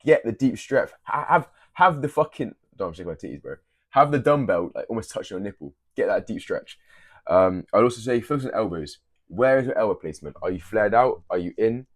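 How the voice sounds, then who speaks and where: Young man, blunt and cheeky, lower register, dry close-miked read. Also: expressive, brisk, no room sound. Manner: blunt, swearing, teasing. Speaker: fitness creator. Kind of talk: casual gym tips to camera.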